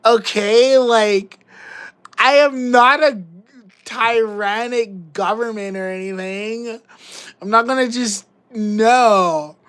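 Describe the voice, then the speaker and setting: A woman's voice: fairly high pitch, takes it slowly, fairly bright tone, clean tone, low-quality recording. A woman, hosting a casual livestream and chatting in a giggly, rambling, joking way. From Canada. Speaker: livestream host.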